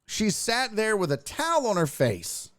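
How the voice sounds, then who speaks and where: Male show host, casual chat, animated storytelling, lively pitch, swearing. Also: a little slow. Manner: animated storyteller, acts out quotes, swears freely.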